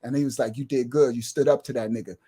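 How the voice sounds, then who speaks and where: A middle-aged man telling a street story in an animated way, acting out other people's voices and swinging from loud outbursts to low murmurs. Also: fast, breathy edge. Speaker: guest telling his life story.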